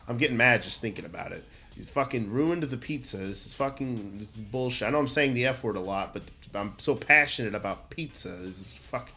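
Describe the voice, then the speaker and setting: A man's voice: mid-range voice, moderate pace, bright, forceful tone. A man hosting a comedic video game rant, rambling, profane and mock-outraged, with stammering restarts and goofy exaggeration. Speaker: channel host.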